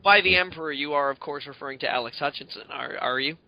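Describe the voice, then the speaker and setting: A man's voice: a little high, quick pace, sharp tone, no room sound, rough recording. A man co-hosting a podcast, joking around in casual comedic chat with playful mock-formal asides. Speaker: podcast co-host.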